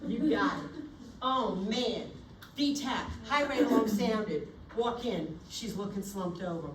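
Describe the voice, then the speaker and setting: A woman's voice: fairly low pitch, measured pace. A woman nursing instructor lectures with theatrical flair and acts out scenes at the bedside. Her voice carries through an echoey room and comes from a distance. A faint hum of the room sits behind her. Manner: animated, theatrical, acts out scenarios. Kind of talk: classroom lecture. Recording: echoey room, recorded from afar.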